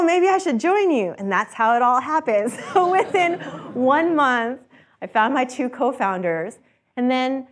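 A woman and startup founder giving a casual talk to an audience, chatty, laughing often and acting out the voices of people she quotes. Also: mid-range voice.

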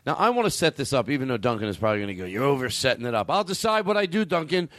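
A man's voice: on the high side, sing-song, rapid-fire, a bit bright, dry recording, studio quality. A man hosting a comedy podcast, chatting casually and rambling through self-corrections. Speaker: podcast host.

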